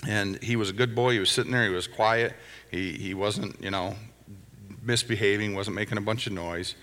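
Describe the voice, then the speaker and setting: A middle-aged male pastor speaks in a lowish, steady, fairly bright voice at a moderate pace. His conversational sermon runs on anecdotes with chuckling asides, recorded in a sanctuary with long hall reverb.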